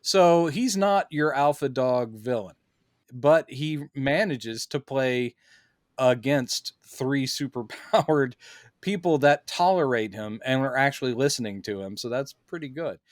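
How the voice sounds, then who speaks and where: A man's voice: medium pitch, animated, a little slow, no echo, clean studio sound. A man co-hosting a podcast in casual chat, acting out quoted lines with animation. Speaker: podcast co-host.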